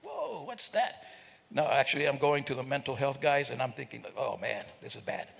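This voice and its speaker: A man's voice: medium pitch, a little fast, gravelly, a bit bright, slightly rough. A man giving a speech at an event, joking with the audience and acting out sounds and voices as he tells stories. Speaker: guest speaker. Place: event hall. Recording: long hall reverb.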